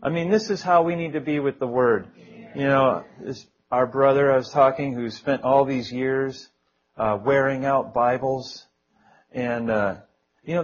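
A man's voice: medium pitch, dull audio. A man preaching a sermon in an earnest, conversational way, with small jokes and prayerful quotes.

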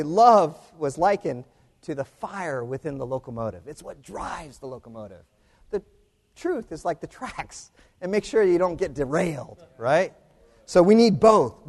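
Animated male preacher in a hall. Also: a little high, measured pace. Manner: animated, rising to emphatic peaks, with rhetorical "right?". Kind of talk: sermon.

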